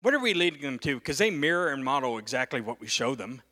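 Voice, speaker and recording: A middle-aged man preaching a storytelling sermon with a bright, forceful edge to his voice. He talks in an animated, conversational way, tossing in "okay" again and again. The sound carries a long reverb from a large church hall. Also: medium pitch, fast. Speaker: guest preacher.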